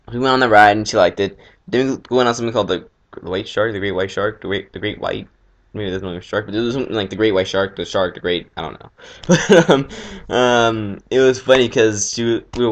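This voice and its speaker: A teenage boy from Sacramento rambling casually to the camera, jokey and animated, squealing when he acts out what others said. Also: lowish voice. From Sacramento, California. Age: teens. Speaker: vlogger.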